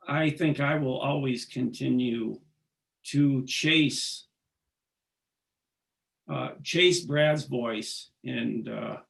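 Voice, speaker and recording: A man being interviewed, talking earnestly and haltingly, often restarting his sentences. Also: medium pitch, vocal fry, a bit bright. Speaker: singer, interview guest. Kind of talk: casual interview conversation.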